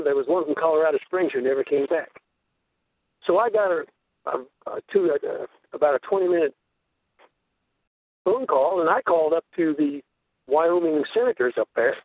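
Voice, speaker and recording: On his conspiracy talk radio program, an older male host delivers a monologue of long, rambling stories, voicing the characters he quotes. His pitch is fairly high, with no echo, over tinny phone-line radio sound.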